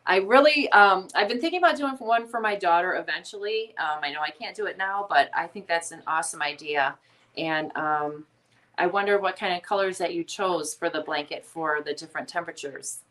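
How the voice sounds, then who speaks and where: A woman's voice: fairly low pitch, a little fast, a bit bright. A woman with a nasal Chicago accent hosting a casual live chat, chatty and full of ums. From Chicago area, USA. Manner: chatty, reads comments aloud, many ums. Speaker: livestream host.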